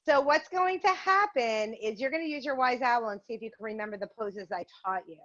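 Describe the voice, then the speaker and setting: A woman's voice: a little high, brisk, a bit bright. A woman leading a virtual yoga and mindfulness class, guiding poses and a game in an upbeat, encouraging way. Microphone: video call. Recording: muffled video-call audio.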